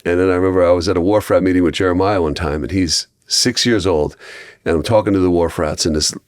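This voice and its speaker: Low-voiced man telling stories in a rambling way. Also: fast talker, no echo, studio quality. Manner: rambling, with many restarts and animated quoted voices. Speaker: podcast guest in recovery. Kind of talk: casual podcast storytelling.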